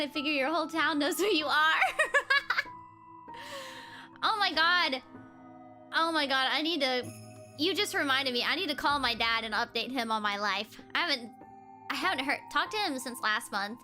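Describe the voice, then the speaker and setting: A young woman with a high, sparkling voice chats away on a VTuber stream, laughing often and breaking into giggles between stories. Her tone is bright and lively, with soft music playing faintly underneath. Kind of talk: casual livestream chat. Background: faint background music.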